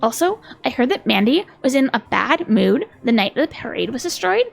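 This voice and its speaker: A woman voicing a drowsy, gossipy female rhino in a video game, using a valley-girl lilt and vocal fry. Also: high-pitched, sing-song, moderate pace, soft background music, full character voice.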